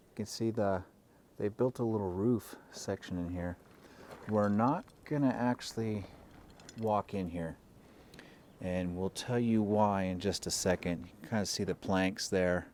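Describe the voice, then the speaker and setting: A man's voice: lowish voice, a little mellow, a little hiss or hum. A man guiding viewers around an old mine site outdoors, slightly winded from the climb. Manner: slow, easygoing guiding commentary. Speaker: exploration vlogger. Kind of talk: casual narrated hike.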